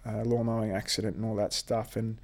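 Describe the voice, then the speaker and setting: A man telling a painful personal story in an interview, halting and repeating himself, with blunt language when upset. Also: fairly low pitch, level tone. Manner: halting, repeats words, restarts. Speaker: interviewee, veteran athlete.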